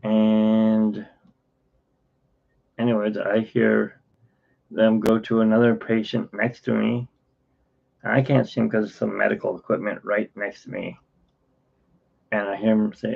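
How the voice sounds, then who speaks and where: A tired channel host with a fairly low, slightly rough voice and vocal fry speaks a little slowly, with long pauses. In his casual vlog, recorded with dull lo-fi sound, he rambles through a personal story, interrupting himself and acting out the quoted dialogue of the people in it.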